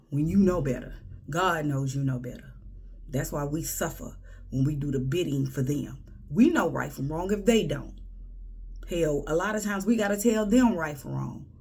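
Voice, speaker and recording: A woman's voice: deep voice, vocal fry, darkish tone, slightly rough. A woman from Houston, giving blunt, sassy advice in a casual monologue and often dropping to a whisper. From Houston, Texas. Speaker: vlogger.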